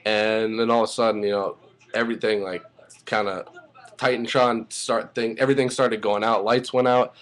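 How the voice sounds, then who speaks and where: Excitable man rambling through a recap. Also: on the low side, moderate pace. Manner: rambling, excitable, swears freely. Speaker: wrestling show reviewer. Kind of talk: casual spoken recap.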